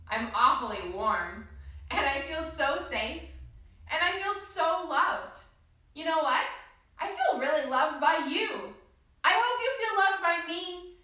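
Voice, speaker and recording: A woman teaching a children's yoga class, guiding gently and encouragingly with slow, soothing instructions. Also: sits high, distant mic. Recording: echoey room, voice from off-mic.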